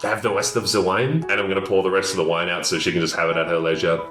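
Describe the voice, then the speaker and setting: Man plays awkward low-charisma artificer, earnest and halting, low voice, roomy mic. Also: little pitch movement, lightly acted. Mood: contrite. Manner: halting, earnest, sprinkles French words. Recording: roomy mic with music under.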